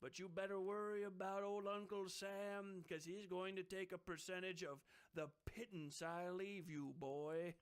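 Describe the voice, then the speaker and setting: A man's voice: sits high, steady tone, a little slow, hardly any pauses, smooth. A man voicing a gloating old rich man in a sneering, mocking tone.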